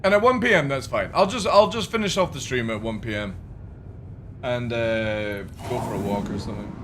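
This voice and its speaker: A man's voice: medium pitch, lively intonation, moderate pace, a bit bright, slight background noise. A man chatting casually to his chat while streaming a game, rambling and swearing freely.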